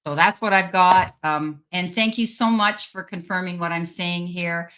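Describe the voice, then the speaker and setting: A woman giving a personal spirit reading as a psychic medium, speaking gently and reassuringly with frequent pauses. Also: on the low side, steady tone.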